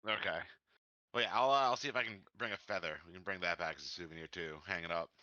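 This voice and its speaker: A man's voice: low voice, fast talker, sharp tone, no room sound, lo-fi sound. A man playing in a tabletop game, talking in an easygoing way. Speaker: player. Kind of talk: casual tabletop play.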